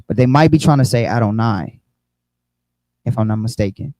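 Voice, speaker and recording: Dark-voiced man teaching scripture. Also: medium pitch, moderate pace, low-quality recording. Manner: explanatory, repeats and restarts words. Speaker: Bible teacher. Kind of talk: online Bible study teaching.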